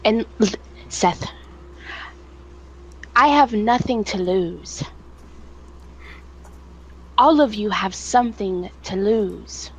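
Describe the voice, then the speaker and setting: A woman's voice: mid-range voice, animated, husky, heavily acted. A determined former slave woman, as a woman plays her. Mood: impassioned. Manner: emphatic, impassioned, halting.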